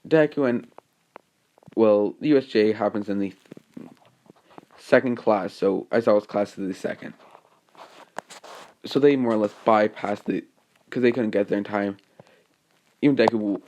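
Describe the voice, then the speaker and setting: Man narrating an improvised fan story, halting and rambly. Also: fairly low pitch, a little mellow, a little hiss or hum. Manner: rambling, halting, frequent fillers.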